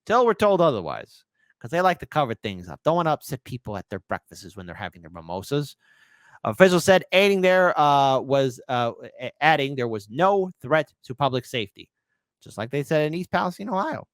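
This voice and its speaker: A man's voice: medium pitch, lively intonation, a little fast, dry recording. A man hosting a political commentary stream, reading news articles aloud and breaking in with sarcastic remarks. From United States.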